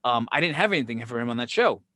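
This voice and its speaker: A man hosting a podcast, telling wrestling stories in casual chat, animated and profane, acting out the dialogue. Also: medium pitch, fast talker, dry recording, studio quality. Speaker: podcast host, former wrestling booker.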